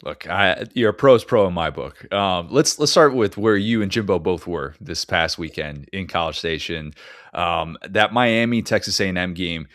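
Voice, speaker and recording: A man hosting a sports podcast, speaking at a deliberate, measured pace in casual chat. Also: sits low, lively intonation, fairly bright tone, dry recording, studio quality. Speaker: podcast host.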